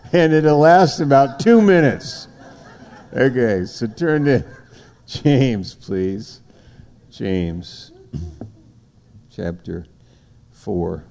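A man's voice: low voice, vocal fry, mellow. A man preaching an informal sermon, rambling and conversational. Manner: rambling, conversational, acts out little dialogues.

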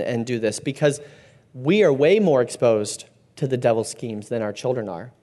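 A man's voice: medium pitch, expressive, a little slow, darkish tone. A man in his thirties, a parent and regular leader of a small church group, talking loosely with many fillers and restarts. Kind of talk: casual faith talk to a group.

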